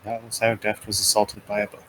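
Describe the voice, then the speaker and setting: A man playing a tabletop game, asking questions in a calm, dry way. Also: lowish voice, a little fast, a little hiss or hum, poor audio. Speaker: player.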